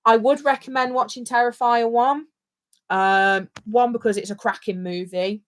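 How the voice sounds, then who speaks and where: A woman's voice: on the high side, steady tone, moderate pace. A British woman co-hosting a casual livestream, chatting in a rambling, jokey way. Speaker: livestream co-host.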